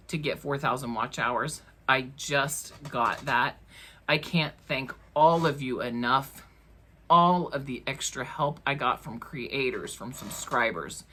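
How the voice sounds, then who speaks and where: Husky low-voiced woman, chatty craft vlogger. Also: bright, forceful tone. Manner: chatty, emotional, laughs often. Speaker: craft channel host. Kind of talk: casual chat to camera. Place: crafting room at home.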